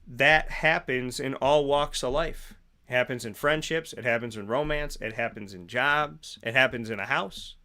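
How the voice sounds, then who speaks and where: A man's voice: medium pitch, normal speed, bright, forceful tone. A male host giving a preachy motivational morning monologue, asking rhetorical questions and repeating phrases for emphasis. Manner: acts out both sides of imagined conversations.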